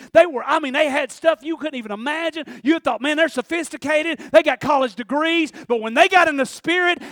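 A man preaches with fervor in a high-pitched voice, swinging from shouted peaks down to hushed, confiding asides. The recording is dry and close, with no room echo. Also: vocal fry. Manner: fervent, swings from loud shouting to quiet asides. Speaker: pastor. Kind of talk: sermon.

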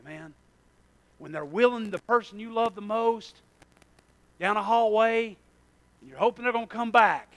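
A man preaching a sermon, emphatic and full of repeated phrases, moving from loud bursts to hushed asides. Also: high-pitched, moderate pace, no room sound.

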